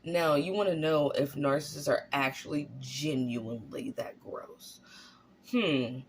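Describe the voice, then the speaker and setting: A casual, unscripted monologue from a vlogger with a mid-pitched voice. The delivery is blunt and profane, and points are hammered home with rhetorical questions and frequent "right?" and "okay?" tags. A faint hiss of noise sits under the voice. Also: moderate pace. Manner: animated, often tagging lines with "right?" and "okay?". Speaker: vlogger on narcissistic abuse.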